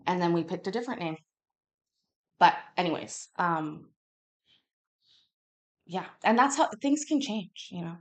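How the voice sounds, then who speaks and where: A woman's voice: fairly low pitch, animated, measured pace, pauses often. A woman hosting a casual chat with viewers, rambling and acting out the quotes in her stories. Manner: rambling, chatty, acts out quotes. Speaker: channel host. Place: home kitchen.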